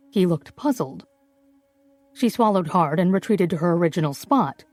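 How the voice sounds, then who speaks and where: A woman reading a novel aloud as audiobook narrator, in measured storytelling. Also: fairly low pitch, expressive, warm tone, no echo, faint music behind. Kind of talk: scripted narration.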